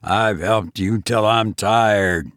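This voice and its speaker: A man's voice: takes it slowly, a bit bright, no room sound, studio quality. A man voicing a stern, short-tempered man who speaks bluntly and with restraint. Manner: blunt, curt, low and restrained.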